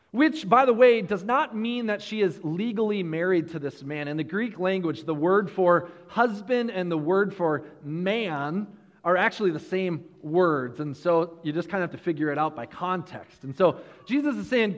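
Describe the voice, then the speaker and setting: A male preacher giving a sermon to a room of listeners, retelling a story in an animated way, with frequent restarts. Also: high-pitched, normal speed, long reverb tail. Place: large room with an audience.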